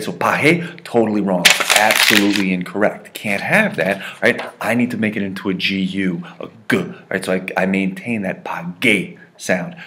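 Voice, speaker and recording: A man's voice: fairly low pitch, a bit bright. A man teaching a Spanish grammar lesson, playful and jokey, checking in with "right?" and "okay?" after nearly every point. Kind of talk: recorded classroom lesson.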